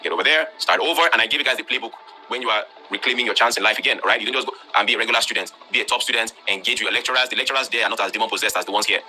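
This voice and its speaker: A Nigerian man delivers a blunt, forceful lecture to an online class, pressing his points with rhetorical questions. His voice is bright and sharp, and he talks at a brisk clip. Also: fairly low pitch, slight background noise. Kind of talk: live-streamed talk to students.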